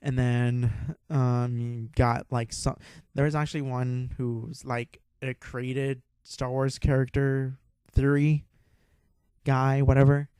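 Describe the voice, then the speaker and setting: A young man hosting a podcast, telling a rambling, excitable story with a lot of swearing and laughter. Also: medium pitch, slow pace, smooth, dry recording. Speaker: podcast host. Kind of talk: casual storytelling.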